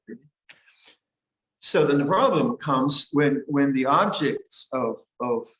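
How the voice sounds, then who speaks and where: An older man, a meditation teacher, giving a guided meditation and dharma talk in a gentle, unhurried way, often pausing and restarting his sentences. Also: medium pitch. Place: monastery meditation hall. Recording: echoey hall.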